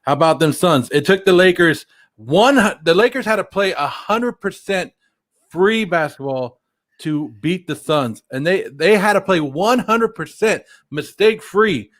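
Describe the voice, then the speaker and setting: A man co-hosting a sports podcast, his voice sitting slightly high for a man. He trades laid-back, teasing remarks in loose, unhurried chat. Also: lively intonation, fairly bright tone. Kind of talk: casual sports talk.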